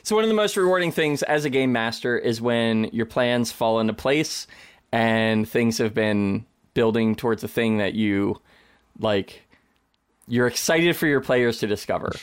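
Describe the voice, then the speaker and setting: A man hosting a tabletop game podcast with a middle-pitched voice, chatting casually with his guests. He keeps the tone light, jokes around and laughs easily. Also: unhurried, clear, resonant tone. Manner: joking, laughs often. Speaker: host. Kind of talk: casual chat.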